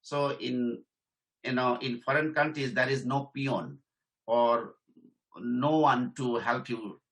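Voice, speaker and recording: A middle-aged man teaches in a loose, conversational way. His voice is bright, at a middling pitch. He repeats key points and keeps checking in with "okay?". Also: takes it slowly, poor audio. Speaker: career trainer and professor. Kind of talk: informal teaching talk.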